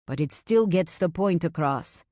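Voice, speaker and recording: A woman's voice: fairly low pitch, expressive, a little slow, mellow, no echo, clean studio sound. Woman voicing a commanding mafia husband. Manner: firm, clipped, controlling. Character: domineering mafia husband, calm, commanding man.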